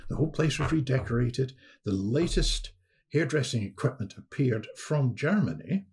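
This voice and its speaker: A man, a historian guest on a podcast, telling a story in a lively anecdotal way with frequent restarts. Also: mid-range voice, moderate pace.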